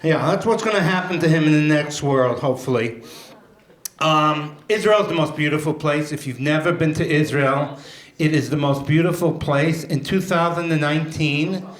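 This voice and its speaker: A middle-aged man doing a stand-up comedy set, animated and jumping into shouted high voices for punchlines. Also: normal speed. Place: event hall before an audience. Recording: echoey live room.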